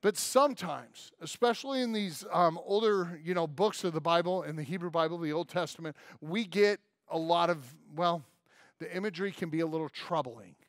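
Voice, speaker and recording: Man, pastor, sermon, high-pitched, chatty and emphatic, dry close sound. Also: normal speed, a bit bright, dry recording. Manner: conversational, humorous, emphatic. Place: church.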